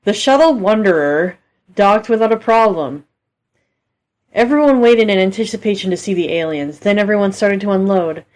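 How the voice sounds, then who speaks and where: Brief: mid-pitched woman, deadpan co-host, comedic reading of a cheesy book. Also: normal speed. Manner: flat reading, bored and dismissive asides.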